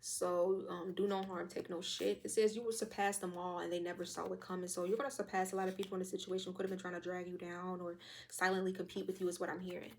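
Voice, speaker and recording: A young woman doing a casual tarot reading, loose and profane, with a slightly hoarse throat. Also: on the low side. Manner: fast, loose and profane, with lively quoted asides. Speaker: tarot reader.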